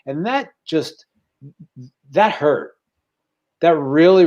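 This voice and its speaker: Man in his sixties, halting and emotional. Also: a little high, a little mellow, highs cut off. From Staten Island, New York. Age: 60s. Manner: halting, repeats words, emotional. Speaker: podcast co-host. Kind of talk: candid personal storytelling.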